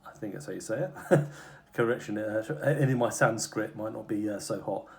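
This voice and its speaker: A man's voice: on the low side, a little fast, gravelly, a little hiss or hum. A man giving a casual music lesson, explaining step by step and chanting rhythm syllables, stopping to fix his own slips. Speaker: music teacher.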